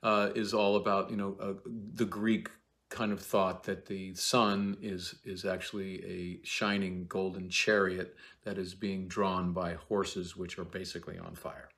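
Guy with a lowish voice rambling through a shakespeare lecture, lots of ums. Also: flat delivery, fairly bright tone. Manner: rambling, halting with fillers and restarts. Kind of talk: casual lecture.

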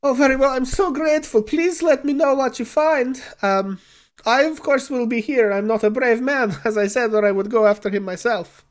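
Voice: sits high, normal speed, voice pushed up, natural voice. GM as a timid male writer, hesitant and wordy. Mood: flustered. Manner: hesitant, flustered, full of fillers.

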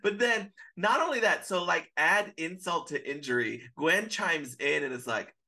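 A man talking as a podcast guest in casual recap chat, emphatic and quick to quote his own reactions. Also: on the high side, expressive, sharp tone.

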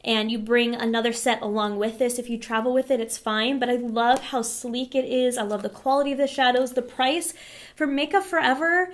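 A woman's voice: a little high, fairly even intonation, normal speed. A woman in a casual beauty vlog, chatty and enthusiastic with frank opinions, a little winded from a cold. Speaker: beauty vlogger reviewing palettes. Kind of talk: casual product review.

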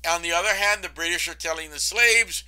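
A male college history lecturer, telling the story casually and often checking in with "okay?", dropping into low mumbles when he voices historical figures. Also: brisk, poor audio. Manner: casual, animated storytelling with frequent "okay?" and "I mean".

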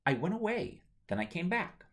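A man reading his own novel aloud, voicing a defiant young princess with a fiery temper and sharp retorts. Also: fairly low pitch, big pitch swings, moderate pace, voice pushed up. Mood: evasive. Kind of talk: audiobook narration.

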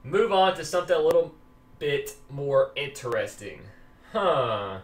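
A man's voice: a little high, sing-song, a little slow, far from the mic. A man giving joking, rambling let's play commentary, reading the game's lines aloud. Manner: rambling, joking, reads game text aloud. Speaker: gaming YouTuber. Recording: roomy echo, voice off-mic.

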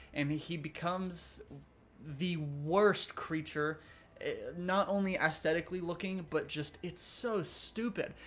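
A young man giving a rambling, exasperated casual review of an animated series, full of fillers. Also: a little high. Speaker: YouTube reviewer.

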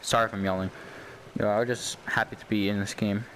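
A young man giving let's-play commentary on a game he has waited for, excitable and cheering on his character. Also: lowish voice, fast, slight background noise. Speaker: YouTube gamer.

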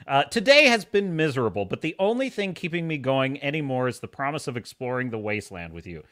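A man hosting a live-streamed podcast, reading viewer comments in a jokey, animated way and laughing often. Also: mid-range voice, fast talker, few pauses. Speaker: podcast host.

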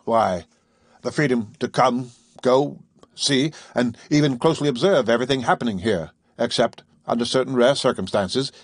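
A secretive submarine captain speaks with cold, measured authority, as a man reads him in an audiobook. The voice is slightly husky and sits at an ordinary male pitch. The sound is dry and close. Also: dry recording. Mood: stern. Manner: measured, commanding, coldly formal. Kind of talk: audiobook character reading.

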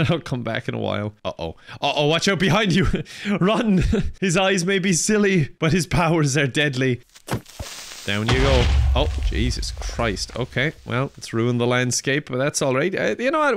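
A man's voice: mid-range voice, fairly bright tone. A young man giving casual, sarcastic commentary as he plays a farming game, laughing often. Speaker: gaming YouTuber.

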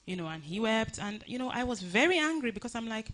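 A woman giving a personal tribute at a funeral service, telling her story earnestly with many halting restarts. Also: on the high side, big pitch swings, a bit bright.

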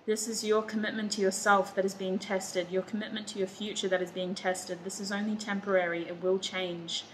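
A woman giving a pick-a-card tarot reading, warm and reassuring, close to tears at times. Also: mid-range voice, level tone, a little fast, a little hiss or hum, poor audio. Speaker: tarot reader.

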